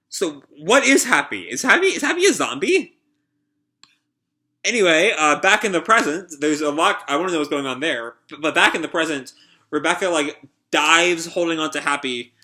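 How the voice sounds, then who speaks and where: A man's voice: a little high, lively intonation, moderate pace, bright, forceful tone. A man reading a manga chapter aloud and reacting live, chatty, with frequent fillers and laughs. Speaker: online video creator reacting to a manga.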